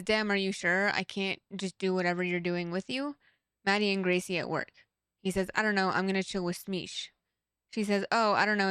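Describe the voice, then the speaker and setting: A young woman hosting a true crime reaction video, reading text messages aloud in a flat run and breaking off for blunt, profane asides. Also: lowish voice, smooth, no echo, studio quality. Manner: reads texts flatly, blunt asides with swearing. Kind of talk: casual reading and commentary.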